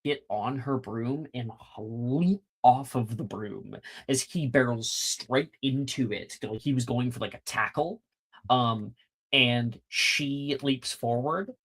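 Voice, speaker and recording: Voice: medium pitch, slow, a bit bright, husky. A game master narrating a tabletop game, rambling with many fillers and casual swearing.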